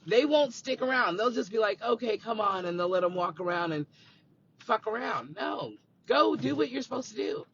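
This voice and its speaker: A man's voice: sits high, moderate pace, creaky. A man chatting on a livestream from a car, animatedly acting out the people in his stories. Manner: animated, acts out quoted dialogue. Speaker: livestream host and school staff member. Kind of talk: casual livestream chat and storytelling. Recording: slightly muffled phone audio, faint noise.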